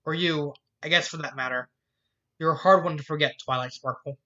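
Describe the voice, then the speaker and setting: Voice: mid-range voice, fairly even intonation, a little fast, pushed and bright, lightly acted. Rarity, an elegant caring lady voiced by a reader. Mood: tender. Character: elegant, caring young woman who calls people darling. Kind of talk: fan fiction read aloud. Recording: dull lo-fi recording.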